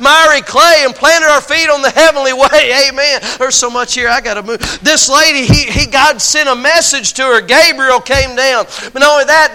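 A man's voice: very high voice, pushed and bright. A man preaching a fervent sermon in folksy speech, often calling out amen. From Virginia.

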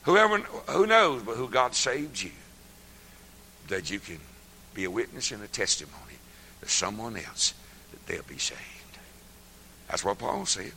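An older man preaching a sermon, folksy and laughing often, swinging from hushed murmurs to loud shouts. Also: on the low side, very animated, unhurried, gravelly, pauses often, a little hiss or hum, poor audio.

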